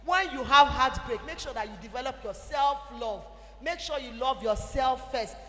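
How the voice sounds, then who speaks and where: Nigerian English woman speaker, high and bright, emphatic, echoey church hall. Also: normal speed. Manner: animated, emphatic, exhorting the audience. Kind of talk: teaching talk at a church event. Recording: echoey hall with faint music.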